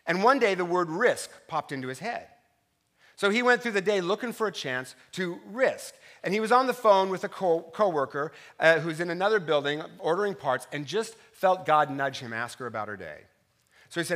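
A middle-aged man, a pastor, preaching a sermon full of personal stories, swinging from loud punchlines to soft, quiet reflection. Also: sits high, animated, a little fast. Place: church sanctuary.

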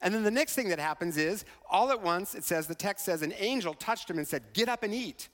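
A man preaching a conversational sermon as a pastor, often checking in with a quick "right?" as he talks. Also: high-pitched, lively intonation, a bit bright, in a large hall. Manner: conversational, keeps asking "right?".

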